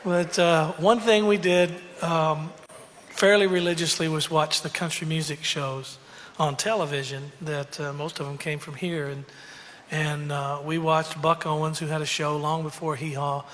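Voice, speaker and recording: A man's voice: fairly high pitch, flat delivery, measured pace, a bit bright, in a large hall, a little hiss or hum. A man telling a rambling, humorous story full of fillers and asides. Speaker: country singer telling a story. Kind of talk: casual storytelling to an audience.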